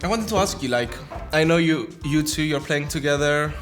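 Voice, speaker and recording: A man's voice: fairly high pitch, animated, normal speed, fairly bright tone, soft background music. A man hosting a casual interview, asking curious questions in a friendly way and laughing often. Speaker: host.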